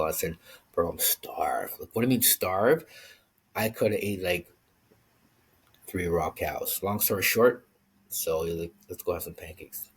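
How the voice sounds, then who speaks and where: A man's voice: sits low, slightly rough. A man casually telling a personal story, acting out the voices of the people in it. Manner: animated, acts out voices in quotes.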